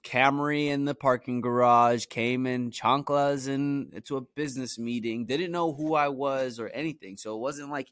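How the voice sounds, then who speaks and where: A young man from Brooklyn tells personal stories in a casual, rambling flow. His voice sits at a middle pitch, and he keeps circling back with "you know" and "like." The sound is dry and close, with no room echo. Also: steady tone, normal speed, few pauses, fairly bright tone. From Brooklyn, New York. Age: young adult. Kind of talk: casual storytelling.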